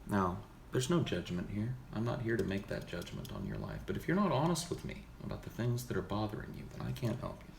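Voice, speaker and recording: A man playing a calm male psychotherapist who talks in a measured, gently lecturing way. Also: on the low side, creaky, roomy sound, slight background noise. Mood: earnest.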